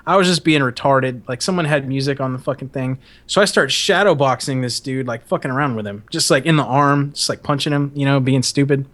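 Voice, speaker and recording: A man's voice: medium pitch, brisk, hardly any pauses, fairly bright tone. A young man hosting a podcast, telling a long rambling story in casual talk, swearing a lot and often laughing. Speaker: podcast host.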